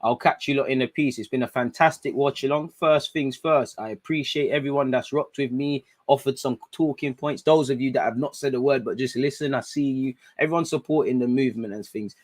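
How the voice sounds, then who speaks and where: A young man, giving casual, excitable live commentary to viewers during a football watchalong stream, talking in slangy street speech. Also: medium pitch, brisk, hardly any pauses.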